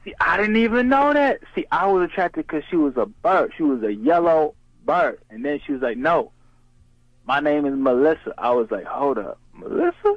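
A man voicing a laid-back young caller in a comedy radio sketch, slangy and drawling, with a pitch that swoops when he gets excited. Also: moderate pace, no room sound, muffled recording. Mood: rambling.

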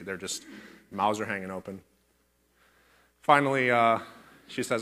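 A man's voice: fairly low pitch, normal speed, pauses often, sharp tone. A man teaching a church group in a chatty, joking sermon, laughing between points and talking into a corded microphone. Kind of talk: casual sermon with a joke.

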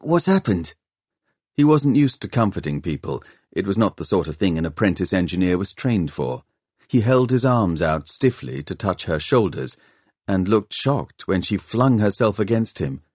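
A man reading a novel aloud as an audiobook narrator, in an expressive storytelling manner. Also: deep voice, moderate pace, slightly rough, no room sound. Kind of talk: scripted narration.

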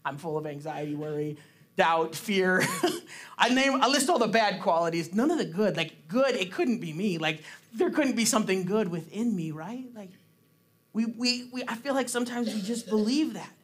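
A preacher delivers a casual, conversational sermon in a medium-pitched, slightly rough voice with lively intonation at normal speed. He chats along with lots of fillers and restarts, laughs often, and acts out quotes.

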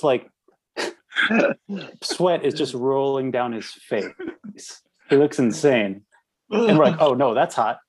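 A man on a podcast casually telling a funny story about his old band, animated and laughing as he goes. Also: a little high, low-quality recording. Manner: animated, laughing through anecdotes. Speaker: podcast guest, former band member.

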